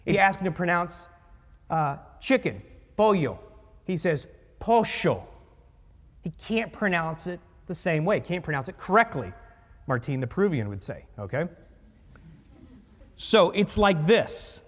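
Animated preacher in a reverberant hall. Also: male voice, a little high, measured pace, long pauses. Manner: animated preaching, acts out voices in dialogue. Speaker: pastor. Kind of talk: sermon.

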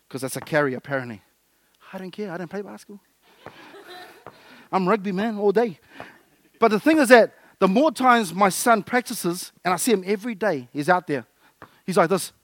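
A man with a high voice preaches with playful energy, jumping from loud bursts to quiet asides. He acts out small scenes and jokes with the room. The sound is close and dry. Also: no echo. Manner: lively, jokey, acts out little scenes. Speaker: pastor. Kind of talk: sermon.

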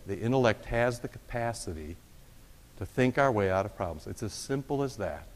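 A man's voice: fairly low pitch, expressive, moderate pace. A middle-aged man giving a conversational, wry lecture-style sermon. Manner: conversational and wry, with sarcastic asides. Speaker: preacher. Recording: long reverb of a large hall.

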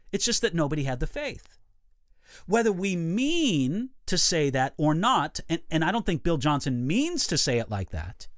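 Pastor, male, high and lively delivery, dry close sound, emphatic teaching cadence. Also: no echo. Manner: measured, emphatic teaching with repeated phrases. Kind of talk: teaching a livestream Bible talk.

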